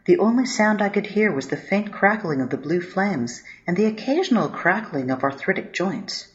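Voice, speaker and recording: A woman reading a first-person story aloud with a wry, deadpan manner. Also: mid-range voice, moderate pace. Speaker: narrator. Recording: dull lo-fi audio.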